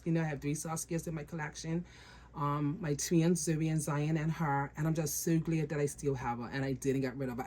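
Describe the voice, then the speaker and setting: A woman's voice: deep voice, mellow. Chatty woman repeating herself for emphasis. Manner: chatty, repeats phrases for emphasis, addresses viewers as guys. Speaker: doll collector vlogger. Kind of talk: casual chat to viewers.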